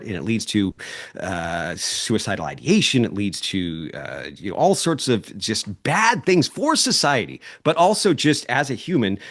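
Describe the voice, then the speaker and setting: A man of ordinary pitch holds forth as a podcast guest. He talks in a passionate, rambling way, circling back and restarting his sentences as his point builds. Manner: rambling, impassioned, restarts often.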